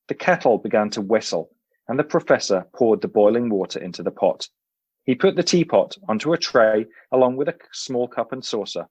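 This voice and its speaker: A male author reading his book aloud, then chatting in a relaxed way as a podcast guest. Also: fairly low pitch, dry recording. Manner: relaxed and expressive, some uh fillers.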